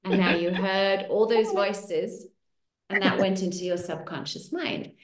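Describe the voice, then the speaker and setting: A woman hosting an online circle, coaching listeners warmly through affirmations with animated, encouraging delivery. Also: mid-range voice, a little slow, reverberant. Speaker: host of a women's money circle. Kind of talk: coaching talk to an online group.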